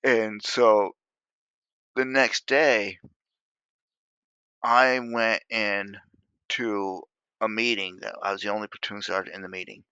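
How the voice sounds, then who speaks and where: Gravelly, low-voiced veteran man. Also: takes it slowly, pauses often, no echo. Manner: animated, profane, laughs often. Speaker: guest, Army veteran. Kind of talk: casual storytelling in an interview. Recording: dry, dull lo-fi sound.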